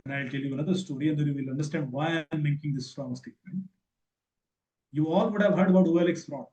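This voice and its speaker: A man's voice: a little high, fast, mellow. A man with an Indian English accent giving a teacher training lecture on cyber safety, emphatic and repetitive as he tells his stories. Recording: echoey hall.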